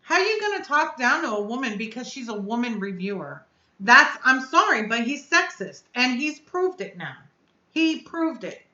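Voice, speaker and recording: A high, bright-voiced woman hosts her own live stream and vents bluntly, upset and cursing. The sound is dull and lo-fi, with an echoey room around her. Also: sing-song, moderate pace. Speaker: vape reviewer and channel host.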